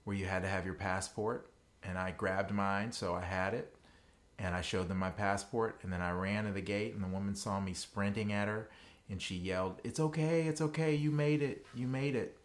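Low-voiced man recounting a trip. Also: flat delivery, moderate pace, a bit bright. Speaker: podcast co-host. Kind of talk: casual storytelling.

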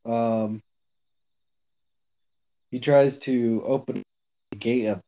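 A man's voice: medium pitch, fairly even intonation, slow, pauses often, mellow, dull audio. A man casually recapping a novel on a podcast, rambling with lots of fillers and the odd swear. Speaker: podcast co-host recapping a book. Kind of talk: casual book discussion.

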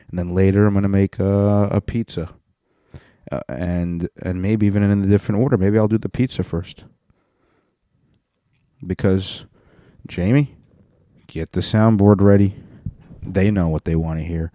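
A man's voice: sits low, fairly even intonation, normal speed, pauses often, warm tone, no room sound, studio quality. A man hosting a podcast, rambling profanely through a comedic rant and slipping into joke accents. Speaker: podcast host.

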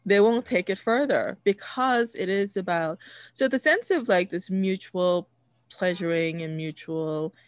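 A woman's voice: on the low side, a little slow, no echo, clean studio sound. A woman telling a personal story in casual chat, full of fillers and restarts. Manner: chatty, many fillers and restarts, laughs while telling.

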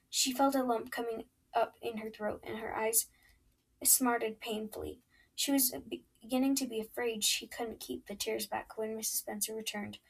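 A woman's voice: fairly high pitch, gravelly, husky, rough recording. A woman narrating a storybook, her reading unpolished, often stumbling and restarting words. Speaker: audiobook reader.

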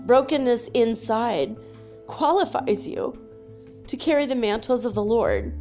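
Candid, emotional woman with a mellow voice. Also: mid-range voice. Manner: candid and emotional, laughs often, swears casually. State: tearful at times. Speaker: spiritual vlogger. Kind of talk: casual confessional talk to viewers.

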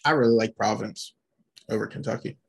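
A man co-hosting a podcast, talking sports in a halting way with frequent restarts and swearing. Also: on the low side, gravelly, husky. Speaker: podcast co-host. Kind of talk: casual sports chat.

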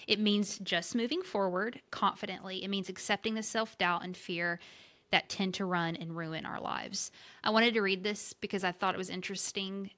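Bright, lively woman co-host in her forties. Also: medium pitch. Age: 40s. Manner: energetic, playful, animated storytelling. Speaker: podcast co-host. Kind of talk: casual chat.

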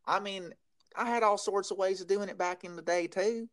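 A man's voice: high-pitched, steady tone, moderate pace, fairly bright tone. A man on a comedy podcast who grumbles in old-fashioned country talk.

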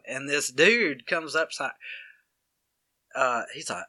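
A man's voice: mid-range voice, expressive, measured pace, pushed and bright. A man with a Southern US accent, chatting casually and acting out both sides of a story. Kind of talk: casual chat.

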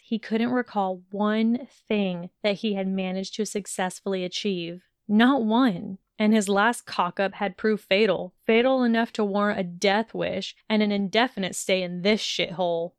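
A woman reading a fan fiction audiobook in a measured storytelling voice. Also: medium pitch, steady tone, clear, resonant tone, dry recording, studio quality. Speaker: audiobook reader.

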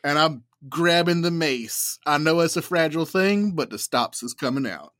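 A man's voice: a little high, lively intonation, moderate pace, a bit bright, dry recording, studio quality. A man playing a tabletop game, describing his character's actions with playful banter. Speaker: player. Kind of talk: casual tabletop play.

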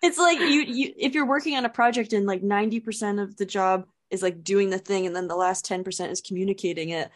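A woman's voice: mid-range voice, fast talker, hardly any pauses. A young woman hosting an interview podcast, chatty and casual, often saying "like". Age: young adult. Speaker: podcast host.

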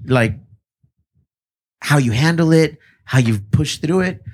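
A man's voice: a little high, lively intonation, slow, a little mellow. Laid-back cursing man. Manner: profane, laid-back, mixes in Spanish slang. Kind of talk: casual chat.

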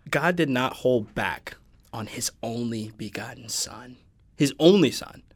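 A man with a mid-range voice and lively intonation talks a little slowly as a guest on a laid-back faith podcast. Earnest throughout, he quotes scripture at length and breaks down what it means.

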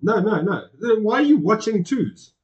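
A man's voice: high-pitched, sing-song, normal speed, darkish tone. A man co-hosting a podcast from his home study, talking in a sarcastic, profane rant. He swears freely and rants in casual chat. His audio sounds dull and lo-fi. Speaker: podcast co-host.

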